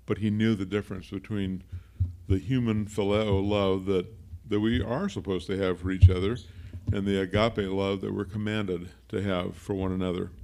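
A man's voice: deep voice, flat delivery, moderate pace, darkish tone. A man preaching a conversational sermon as a pastor, explaining word meanings with friendly asides.

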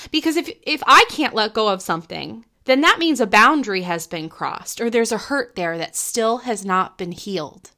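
Middle-aged woman, podcast host; soft, earnest reflective talk, slightly high, very bright tone, thinks aloud. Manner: gentle, earnest, thinks aloud with repeated restarts. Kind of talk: reflective spoken monologue.

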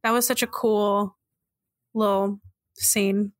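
A woman co-hosting a podcast, chatting casually about a movie, animated, laughing often and swearing freely. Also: medium pitch, slow pace, dry recording, studio quality. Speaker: podcast co-host.

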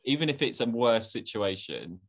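A man co-hosting a podcast in casual chat, easygoing and quick to laugh. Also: medium pitch, very animated, background noise. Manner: laughs often, easygoing banter. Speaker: podcast co-host.

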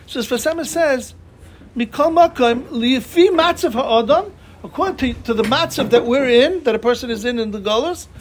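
A man's voice: very high voice, slight background noise. A man giving a Torah class, talking animatedly and asking his listeners rhetorical questions. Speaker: Torah teacher.

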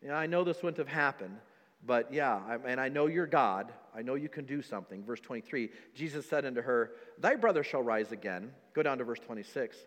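A man's voice: mid-range voice, lively intonation, fairly quick, fairly bright tone, in a large hall. A man preaching a sermon, reading scripture aloud and acting out the doubting voices of people in the story. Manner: acts out voices of listeners in the story; reads scripture aloud in old-fashioned wording. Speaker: pastor. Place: church hall.

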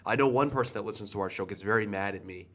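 A man co-hosting a podcast in casual chat, teasing and excitable. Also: on the low side, very fast. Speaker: podcast co-host.

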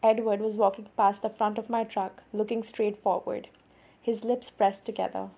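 A woman reading a novel aloud in the first person, with even, measured storytelling. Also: mid-range voice, gravelly, husky. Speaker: audiobook narrator.

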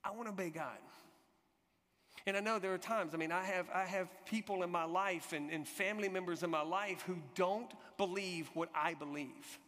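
High, bright-voiced preacher in a reverberant hall. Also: male voice, normal speed. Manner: animated storytelling, shouts acted quotes. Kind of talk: sermon with a personal story. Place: church hall.

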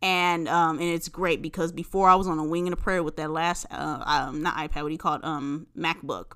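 A woman hosting a casual solo podcast, telling stories in a profane, animated way, jumping from loud outbursts to low muttering. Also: fairly quick, clear, resonant tone. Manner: profane, animated storytelling with big swings between loud bursts and low mutters. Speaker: podcast host.

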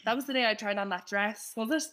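Young woman, podcast co-host, high bright voice, lively anecdotes with laughter. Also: fast. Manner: animated storyteller, laughs a lot. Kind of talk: casual chat.

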